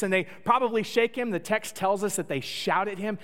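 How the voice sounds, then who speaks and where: A man's voice: sits high, a little fast, hardly any pauses, fairly bright tone. A man preaching a sermon in a conversational, joking storytelling way. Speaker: pastor. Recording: long echo of a large hall.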